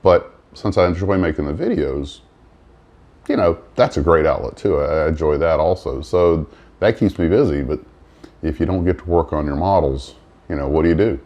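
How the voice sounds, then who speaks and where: A man with a very deep, low voice chats casually as host of a hobby vlog. He rambles, trails off and restarts often, with plenty of fillers. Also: moderate pace, a little mellow, muffled recording. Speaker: model-building channel host. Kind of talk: casual morning vlog chat.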